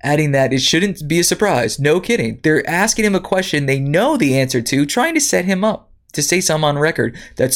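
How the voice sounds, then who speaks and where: Woman host, indignant and sarcastic, reads the news then rants, pitch jumps around a lot. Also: very animated, a little fast, few pauses. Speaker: podcast host. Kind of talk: reading news and commenting.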